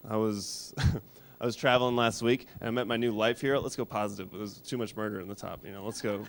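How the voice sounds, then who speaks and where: Dry, deadpan man in his thirties. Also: lowish voice, brisk. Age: 30s. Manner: dry, deadpan delivery with restarts. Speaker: stand-up comedian. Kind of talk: stand-up comedy set. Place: music studio.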